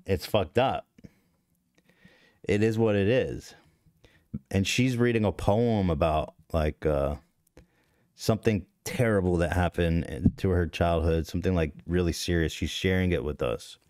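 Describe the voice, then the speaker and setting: Very low-voiced man, rambling and profane. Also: a little mellow, dry recording, clean studio sound. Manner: rambling, profane, self-deprecating, with frequent restarts. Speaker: podcast host. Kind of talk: casual storytelling to stream chat.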